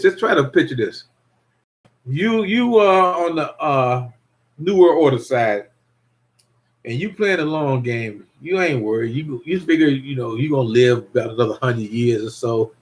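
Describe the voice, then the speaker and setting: An older man hosting a casual livestream, rambling and repeating himself while greeting viewers. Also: medium pitch. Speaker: livestream host.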